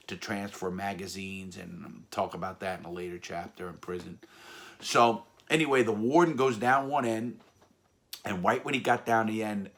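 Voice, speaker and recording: A man's voice: lowish voice, fairly bright tone. A middle-aged man telling a blunt, profane story about his time in prison. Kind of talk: casual storytelling monologue.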